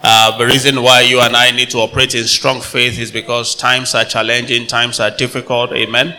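A male pastor preaching a sermon, calling for amens from the congregation and loudly acting out voices from the story. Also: mid-range voice, flat delivery, normal speed. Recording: long hall reverb with faint noise.

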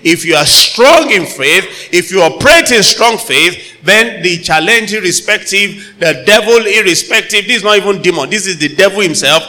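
Bright-voiced preacher man in echoing hall. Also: high-pitched. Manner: calls for amens, acts out voices loudly. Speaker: pastor. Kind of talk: sermon. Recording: long hall reverb with faint noise.

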